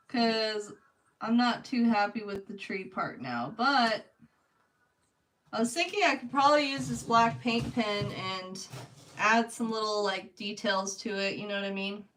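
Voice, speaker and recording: A woman's voice: mid-range voice, a little slow, a bit bright, far from the mic, poor audio. A young woman from California with a Californian accent, chatting casually with her live audience while she paints. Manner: chatty, laughs often, talks to chat. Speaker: art streamer.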